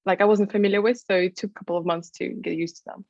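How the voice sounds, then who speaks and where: A woman's voice: mid-range voice, steady tone, very fast, gravelly, a little mellow, no echo. Chatty travel guide lady, english not her first language, muffled dry recording. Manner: chatty, many fillers and restarts, laughs easily. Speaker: travel content creator and tour guide. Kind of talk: casual interview talk.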